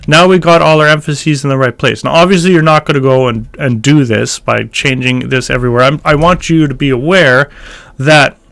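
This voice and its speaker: Man teaching chant, smooth voice. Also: medium pitch, a little fast, fairly bright tone. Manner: explains thoughtfully, breaks into chanted phrases. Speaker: church music teacher. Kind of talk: casual instructional talk with sung examples.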